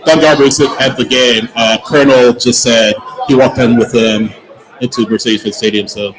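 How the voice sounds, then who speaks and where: A man's voice: mid-range voice, fairly even intonation, normal speed, a crowd in the background, low-quality recording. A man on a live soccer show running through team news in a loose way, laughing between items. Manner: giggly, loose team-news rundown with fillers. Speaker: podcast co-host giving team news.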